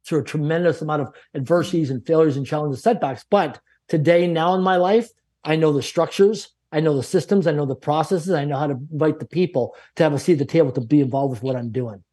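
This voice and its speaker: A man's voice: on the high side, warm tone, slightly rough. A middle-aged man from Canada, a guest on an interview show, telling his life story in an emphatic, repetitive, self-assured way. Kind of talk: motivational storytelling.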